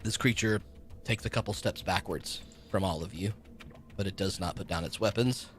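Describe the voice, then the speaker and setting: A man running a tabletop game as game master, narrating monsters and rules in a quick, chatty way. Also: sits low, faint music behind.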